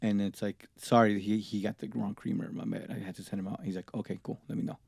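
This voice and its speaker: A man's voice: on the low side, fast talker, vocal fry, breathy edge, no room sound. A man, a recording engineer, telling casual profane stories as a podcast guest. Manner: profane, animated anecdotes with laughs. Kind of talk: casual storytelling.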